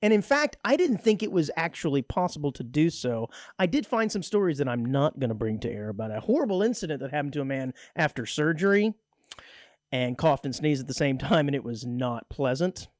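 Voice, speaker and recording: A man co-hosting a community radio show, chatting casually with wry, teasing banter and a dry, deadpan streak. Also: a little high, brisk, no room sound. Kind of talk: casual chat. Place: radio studio. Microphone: studio microphone.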